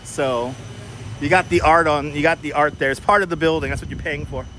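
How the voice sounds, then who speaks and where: A man's voice: on the high side, steady tone, a little fast, sharp tone. A man live streaming while walking city streets, chatting casually, joking and greeting viewers by name. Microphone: wireless clip-on mic. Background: faint city traffic.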